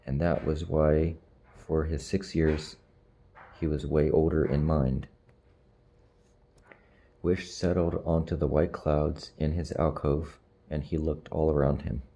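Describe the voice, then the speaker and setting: A man reading a storybook aloud in slow, measured audiobook narration. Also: a bass voice, fairly even intonation, warm tone, slight background noise.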